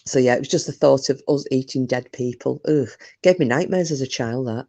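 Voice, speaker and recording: A woman's voice: very deep voice, moderate pace, warm tone. A woman hosting a casual live-stream chat, rambling and self-interrupting with frequent jokes. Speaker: livestream host.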